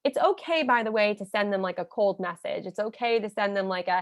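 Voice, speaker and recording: A woman's voice: medium pitch, lively intonation, a little fast, hardly any pauses, no echo, clean studio sound. A woman giving an instructional talk as a nonprofit consultant, emphatic and coaching, acting out sample messages.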